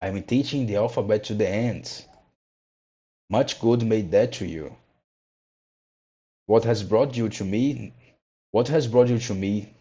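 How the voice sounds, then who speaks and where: A man's voice: fairly low pitch, a little slow, pauses often, warm tone, breathy edge, muffled recording. A man voicing an old carpenter who is frightened and blustering. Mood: grumpy. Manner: nervous, blustering.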